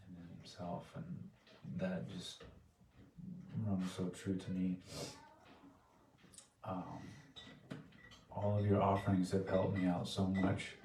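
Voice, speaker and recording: A man giving a heartfelt devotional offering in a temple hall, earnest and soft-spoken, halting and restarting his sentences. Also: deep voice, creaky. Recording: echoey room, distant mic, faint noise.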